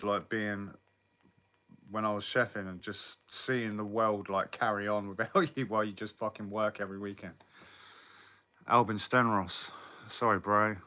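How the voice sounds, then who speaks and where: A man talks loosely to his viewers, answering their comments and swearing freely. His voice sits a little low but comes across bright and forceful. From England. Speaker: livestreamer. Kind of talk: casual live chat with viewers.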